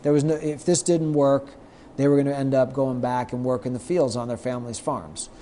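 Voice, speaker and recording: A middle-aged man, a guest on an interview show, telling anecdotes lively and acting out the lines of the people in them. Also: mid-range voice, a little fast, a little hiss or hum. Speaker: guest, sports marketer. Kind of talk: storytelling in a podcast interview.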